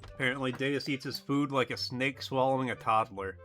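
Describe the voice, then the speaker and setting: A man's voice: mid-range voice, moderate pace, fairly bright tone, soft background music. Goofy joking male streamer. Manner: joking, goofy, riffing on chat. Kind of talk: casual gaming stream chat.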